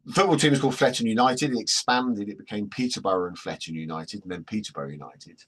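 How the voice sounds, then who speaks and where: A man with a husky voice, presenting a workshop in a chatty, joking storytelling way. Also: fairly low pitch, fast talker, fairly bright tone. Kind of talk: anecdotal workshop talk.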